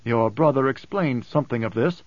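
A man reading an audiobook, voicing a composed, wry man who speaks in a measured, deliberate way. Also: mid-range voice, dry recording, lo-fi sound, close to an everyday voice. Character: calm, cool-headed man, dryly amused.

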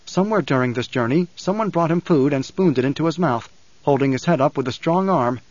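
A man narrating a novel in a measured, even storytelling manner. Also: on the high side, dry recording, muffled recording. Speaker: audiobook narrator. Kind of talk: scripted narration.

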